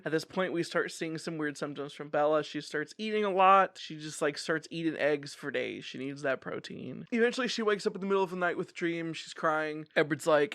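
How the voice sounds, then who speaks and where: A man with a bright, high-pitched voice gives a casual, rambling book recap full of animated asides. He is recorded close to the mic with a dry sound and no room echo around him. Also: brisk. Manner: chatty and animated, bursting into laughter. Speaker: book reviewer.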